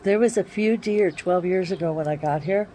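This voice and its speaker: A woman vlogging casually from her backyard on her phone, talking in an excitable, drawling way with sudden swings of emphasis. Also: on the low side, normal speed, a little hiss or hum. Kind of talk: rambling casual monologue. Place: backyard by a wooded area, outdoors.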